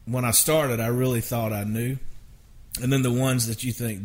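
A middle-aged man, a songwriter telling rambling, animated anecdotes in a casual interview. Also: medium pitch, moderate pace. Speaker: songwriter guest.

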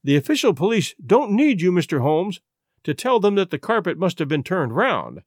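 A man's voice: sits high, huge pitch swings, normal speed, dry recording, clean studio sound, heavily acted. A man reading a story aloud and voicing a brash, self-satisfied police inspector who lectures and boasts. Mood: smug. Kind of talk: audiobook reading.

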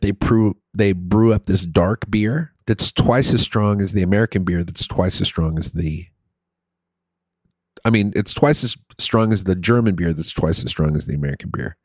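A middle-aged man telling a story in casual chat, crude and profane with an animated, rambling delivery. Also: deep voice, no echo, clean studio sound.

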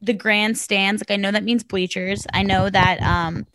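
A woman co-hosting a casual podcast, chatty and quick to laugh. Her voice sits in a middle range and sounds dry and close, with no room around it. She slips easily between banter and reading listener letters aloud. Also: medium pitch, steady tone, a bit bright, dry recording. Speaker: podcast co-host.

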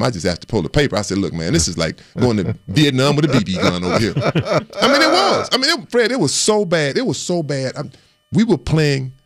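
A man, a former running back and co-host on a sports radio talk show, telling animated stories and acting out quotes loudly. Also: mid-range voice.

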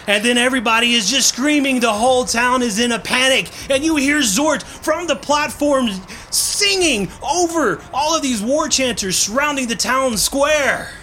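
A man running a tabletop game as game master, narrating in a lively, casual, playful way. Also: very high-pitched, normal speed, few pauses, slight background noise.

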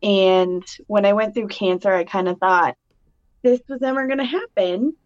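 Woman, podcast co-host, giggly, halting, mid pitch, dull lo-fi audio. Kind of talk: casual live podcast chat.

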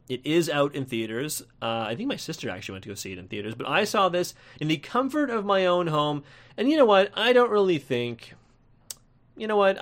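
Chatty man reviewing movies on a podcast. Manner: chatty, tags lines with "right?"; rambling, with restarts and sudden jumps in pitch. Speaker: podcast host.

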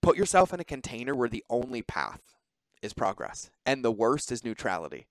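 A man hosting a podcast, talking in a lively, informal way and swearing freely. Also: mid-range voice, no echo. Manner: animated, swearing, quick asides. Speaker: podcast host. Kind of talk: casual podcast conversation.

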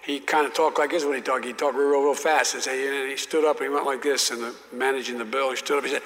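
An older man, a former senator, telling an anecdote in a halting, emphatic way, full of restarts. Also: mid-range voice, fairly even intonation, vocal fry, in a large hall, noisy background. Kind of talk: anecdotal talk.

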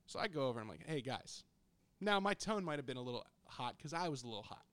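On a podcast, a young adult man races through a story, very animated, his medium-pitched voice fairly bright. His talk is blunt, casual, and laced with profanity, captured dry on a close studio mic.

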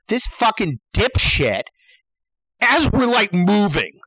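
Older man, profane comic rant, exasperated, wildly swinging pitch, dry close sound. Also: big pitch swings, slow pace, husky, no echo, low-quality recording. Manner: profane, exasperated, swinging from low mutters to yelled outbursts. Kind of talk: comedic storytelling rant.

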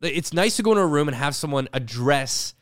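A man co-hosting a podcast, talking candidly in casual chat with animated asides. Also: a little high, a little fast, no room sound, studio quality. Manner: candid, animated storytelling with acted quotes. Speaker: podcast co-host.

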